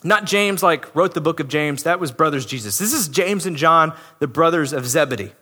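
A man preaching a sermon in a church, animated and talking through rhetorical questions, often acting out the people he talks about. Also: a little high, moderate pace. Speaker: pastor. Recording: long reverb of a big hall.

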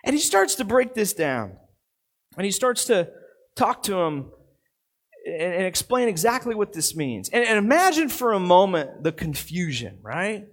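A man delivers a sermon with lively, swinging intonation. He throws rhetorical questions at his listeners and repeats key phrases for emphasis. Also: sits high, unhurried. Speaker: pastor.

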